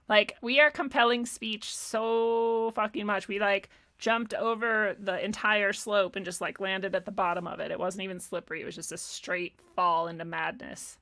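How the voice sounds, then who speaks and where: A woman's voice: medium pitch, steady tone, moderate pace, few pauses, a bit bright. A woman host ranting sarcastically in casual commentary, exasperated and profane, often laughing.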